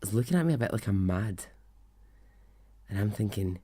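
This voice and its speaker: A man's voice: lowish voice, expressive, normal speed, warm tone, slightly rough. Chatty man telling a story. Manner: chatty, rambling asides, self-deprecating. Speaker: podcast host. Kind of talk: storytelling monologue.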